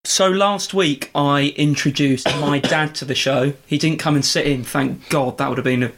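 A man's voice: fairly high pitch, fairly even intonation, normal speed, over music. A young man co-hosting a podcast, chatting casually with a dry, teasing manner. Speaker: podcast co-host. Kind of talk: casual chat.

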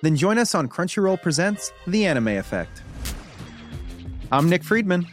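A man's voice: high-pitched, sing-song, moderate pace, soft background music. A man delivering an upbeat promo for his podcast, enthusiastic and friendly. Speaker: podcast host in an ad.

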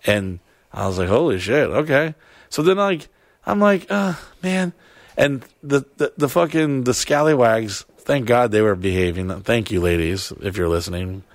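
A young man, a podcast host, telling a story in casual chat, animated and profane, acting out his own reactions. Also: medium pitch, moderate pace, no room sound.

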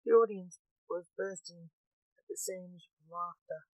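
A woman narrating a story in an even reading voice. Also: on the low side, measured pace, no echo, poor audio.

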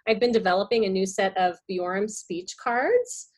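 A woman's voice: mid-range voice, normal speed. A woman speech therapist in casual podcast chat, explaining with enthusiasm and plenty of fillers and restarts.

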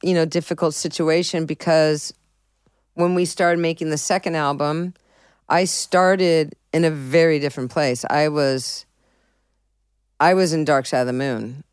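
A woman's voice: deep voice, fairly even intonation, measured pace, smooth, no echo, clean studio sound. A middle-aged woman musician telling stories in an interview, rambling and profane, full of restarts and fillers. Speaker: musician guest. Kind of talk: candid interview storytelling.

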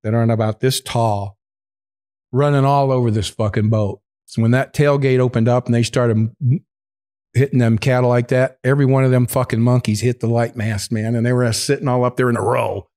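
Casual male raconteur, profane, rambling, chuckles through lines, mid pitch. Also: steady tone, brisk, a little mellow. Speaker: podcast guest. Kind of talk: casual storytelling.

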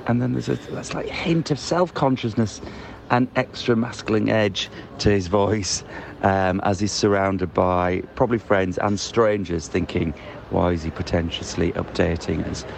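A man co-hosting a podcast, giving wry, measured commentary in a voice note recorded outdoors in a city square. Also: low voice, fairly even intonation, vocal fry. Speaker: podcast co-host. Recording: noisy outdoor phone recording. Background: street and traffic noise.

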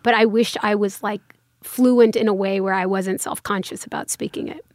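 A woman's voice: mid-range voice, steady tone, moderate pace, no echo, clean studio sound. A woman in her thirties talking casually as a podcast guest, with lots of "like" and restarts. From United States. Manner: chatty, many fillers and restarts. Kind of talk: casual interview conversation.

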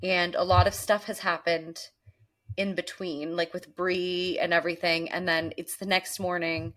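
A woman's voice: lowish voice, little pitch movement, moderate pace, a bit bright. A woman co-hosting a podcast, chatting casually and animatedly acting out characters' lines as she recaps an episode. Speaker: podcast co-host.

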